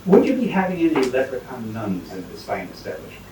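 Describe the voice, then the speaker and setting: A man's voice: mid-range voice, huge pitch swings, brisk, heavy background noise. A man voicing a pushy male leprechaun with a put-on Irish accent, asking overly formal questions. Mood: wheedling. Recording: distant, echoey phone recording.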